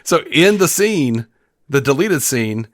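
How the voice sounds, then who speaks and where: An animated man co-hosting a film podcast, talking casually and swearing often as he retells scenes. His voice sits at an ordinary middle pitch. The sound is dry and close, with no room around it. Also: slow, no room sound. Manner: animated, profane, acts out movie lines. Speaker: podcast co-host. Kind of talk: casual film-review chat.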